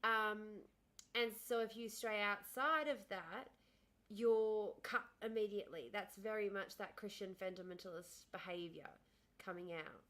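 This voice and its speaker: A woman's voice: medium pitch, steady tone, measured pace, fairly bright tone, rough recording. A woman hosting a livestream, chatting casually and telling rambling stories. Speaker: livestream host. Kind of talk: casual chat.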